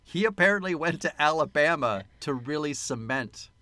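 A man's voice: on the high side, animated, moderate pace, sharp tone, no room sound. A man co-hosting a podcast, chatting casually and joking about a movie, laughing often. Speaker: podcast co-host. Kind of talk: casual movie-review chat.

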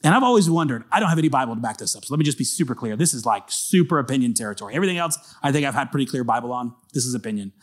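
A man's voice: mid-range voice, expressive, rapid-fire, hardly any pauses. A male pastor giving a casual, earnest sermon in a conversational way. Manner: casual, earnest, acts out short quoted lines.

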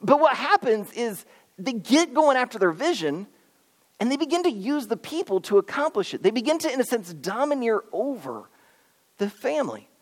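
Male pastor, sermon, earnest and animated, lively pitch swings, long hall reverb. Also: moderate pace. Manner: animated, earnest, pleading preaching with swings between loud and hushed. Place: church auditorium.

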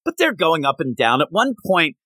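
A man's voice: a little high, huge pitch swings, moderate pace, sharp tone, no room sound. A man hosting a comic book podcast, chatting casually and acting out characters' lines in silly voices. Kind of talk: casual chat.

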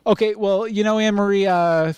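Chatty man co-hosting, slightly high voice. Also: fairly even intonation, moderate pace, a little mellow, clean tone, dry recording, highs cut off. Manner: chatty, stumbling restarts, easy laugh. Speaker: podcast co-host. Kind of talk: casual pop culture chat.

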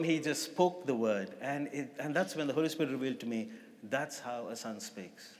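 A man preaching in a church, with a fairly high voice that rings out in a large hall with a long reverb. He talks to the congregation in a loose, conversational way, breaking off to correct himself mid-thought. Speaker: guest preacher. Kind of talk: sermon.

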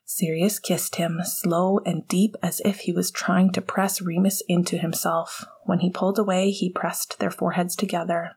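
A woman narrating fan fiction aloud in a soft, measured manner. Her voice is breathy and sits low. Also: little pitch movement. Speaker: audiobook narrator.

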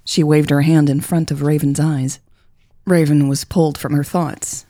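A woman host reading a romance story aloud in a calm, measured way. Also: sits low, dry recording, studio quality. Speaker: podcast storyteller. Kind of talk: story narration. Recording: faint music behind.

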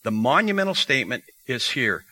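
A man's voice: medium pitch, very animated, a little fast, sharp tone, poor audio. A man preaching an expository sermon, teaching verse by verse and reading scripture aloud.

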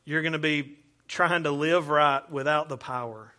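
A man's voice: a little high, steady tone, moderate pace, pushed and bright. A male pastor preaching a sermon in an earnest, conversational way, asking the congregation rhetorical questions.

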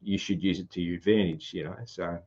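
Broad Aussie country bloke, low voice. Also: male voice, brisk, husky, muffled recording. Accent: broad Australian country. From Australia. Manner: relaxed, rambling, laughs often. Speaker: podcast host. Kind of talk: casual chat.

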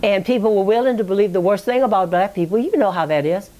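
A woman's voice: medium pitch, fast talker, dark tone. Woman, oral history interviewee, reflective and digressive storyteller. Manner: reflective, digressive, with frequent "you know" and "okay?". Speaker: interviewee recounting family history.

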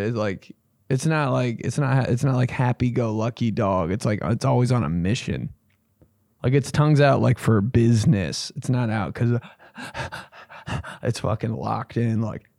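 Gravelly guy ranting about dogs, swearing a lot, dry close mic, gets loud out of nowhere. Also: medium pitch, dry recording. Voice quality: gravelly, profane, rambling with sudden loud bursts. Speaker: comedian host reacting to listener stories. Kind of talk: loose comedic riffing.

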